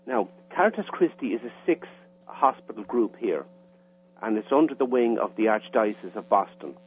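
Irish guy calling into a radio show, lowish voice, sounds like a tinny phone, bit of hum. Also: expressive, normal speed. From Ireland. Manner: plain, explanatory, with hesitations. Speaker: caller.

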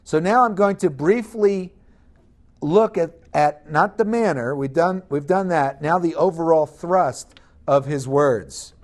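A man's voice: on the high side, slow, darkish tone. A man preaching a sermon, emphatic, asking the congregation rhetorical questions.

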